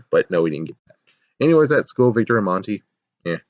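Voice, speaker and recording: A man's voice: fairly low pitch, very animated, a little fast, darkish tone, no echo. A man giving a casual episode review, ranting sarcastically, laughing often and swearing. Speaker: show reviewer. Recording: dull, lo-fi, dry sound.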